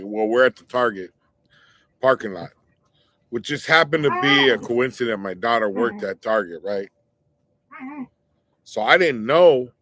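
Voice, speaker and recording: A man's voice: fairly low pitch, a bit bright, dry recording. A middle-aged man hosting his own show, telling a personal story in a casual, blunt, slangy way and warning listeners. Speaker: show host.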